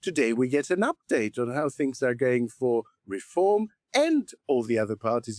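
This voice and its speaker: A man co-hosting a podcast, giving a wry, measured scripted intro. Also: mid-range voice, a little mellow, no echo, studio quality. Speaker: podcast co-host. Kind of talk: scripted show intro and chat.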